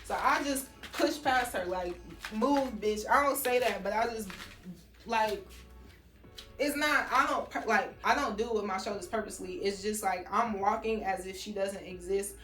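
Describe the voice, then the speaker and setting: A woman's voice: medium pitch, moderate pace, fairly bright tone, roomy sound, soft background music. Heated woman venting in a storytime vlog. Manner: heated, emphatic, repeats herself, addresses viewers as y'all. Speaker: vlogger telling a story. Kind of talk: storytime vlog, casual and profane.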